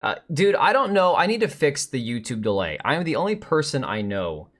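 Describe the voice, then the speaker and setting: A man's voice: medium pitch, very animated, a little fast, fairly bright tone. A middle-aged man hosting a live stream, rambling bluntly with profanity as he reads and answers chat.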